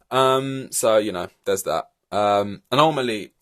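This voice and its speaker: A man's voice: mid-range voice, very animated, unhurried, fairly bright tone, clear, resonant tone. A man hosting a solo podcast, ranting in an exasperated, rambling way with many fillers and restarts. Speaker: podcast host.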